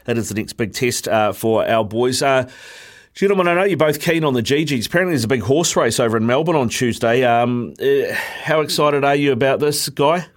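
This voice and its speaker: A man hosting a casual sports chat, relaxed and jokey as he steers the talk. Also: medium pitch, brisk. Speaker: host.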